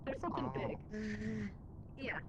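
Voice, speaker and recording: A woman's voice: unhurried, muffled recording. A woman playing a roleplay game, talking brashly and with profanity. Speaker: roleplay player. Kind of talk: in-character roleplay chat. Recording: loud game noise behind.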